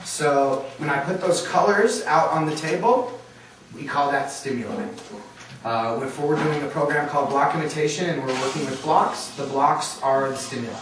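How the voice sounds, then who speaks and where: A man's voice: a little high, normal speed, a bit bright, slight background noise. Distant echoey male trainer. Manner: quizzing the audience, checking for understanding. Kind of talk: training workshop lecture. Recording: very echoey room, far from mic.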